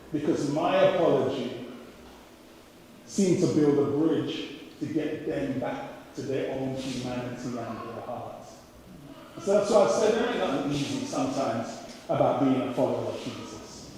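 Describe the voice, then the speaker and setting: A man's voice: fairly high pitch, dark tone, a little hiss or hum. A man with a Jamaican accent preaching an impassioned sermon as a pastor, building his points with repeated rhetorical questions. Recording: echoey hall, mic from far off.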